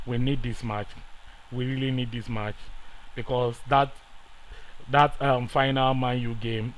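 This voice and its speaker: A man giving excitable live commentary over a football management game, swinging between quiet muttering and loud pleading outbursts. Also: mid-range voice, slight background noise, poor audio. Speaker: gaming YouTuber.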